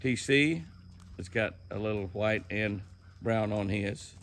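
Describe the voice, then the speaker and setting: A man's voice: on the low side, slow pace, vocal fry, a bit bright, a little hiss or hum. An older man with a folksy drawl, narrating a casual outdoor vlog from the woods on his ranch and talking to the animals as well as to viewers. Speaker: ranch owner and outdoor show host.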